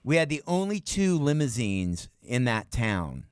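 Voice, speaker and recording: A middle-aged man, a guest musician, telling tour stories on a radio show in an animated way, swearing and acting out other people's lines. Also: mid-range voice, measured pace, smooth, no room sound, studio quality. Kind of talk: casual storytelling on a radio show. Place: radio studio.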